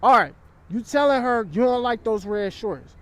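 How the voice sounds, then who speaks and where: A man's voice: extremely high pitch, expressive, moderate pace, fairly bright tone, dry recording. A young man giving blunt, profane dating advice in a casual vlog, often checking in with the listener.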